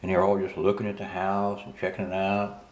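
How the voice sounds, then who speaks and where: An older man with a very low, deep voice spins a rambling, folksy story, full of asides. His voice sounds roomy and echoing, as if he were in a bare room. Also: monotone, a little fast. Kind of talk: casual spoken story, voice-over. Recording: roomy echo.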